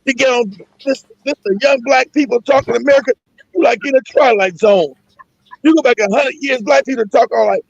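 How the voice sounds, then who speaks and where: A man's voice: extremely high pitch, a little fast, gravelly, dry recording. A middle-aged man hosting a casual talk show, ranting emphatically with plenty of profanity and repetition. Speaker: host. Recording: dull lo-fi sound.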